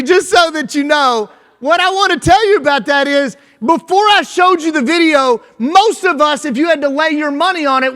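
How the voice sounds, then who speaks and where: Man, Kentucky accent, high pitch, folksy joking keynote, echoing hall. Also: sharp tone. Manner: folksy and joking, keeps asking "right?". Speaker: school superintendent, keynote speaker. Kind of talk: conference keynote. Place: large conference hall. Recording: long hall reverb with faint music.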